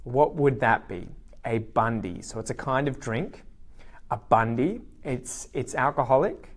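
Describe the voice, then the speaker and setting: A man with an Australian accent teaching slang in a live online lesson, lively and repeating key words slowly. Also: mid-range voice. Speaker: English teacher.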